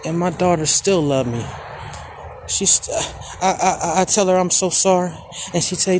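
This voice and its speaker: A man in his forties from Maryland hosting a podcast, talking candidly and emotionally in slangy speech, swinging from quiet to heated. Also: high-pitched, moderate pace, background noise. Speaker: podcast host. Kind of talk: personal monologue.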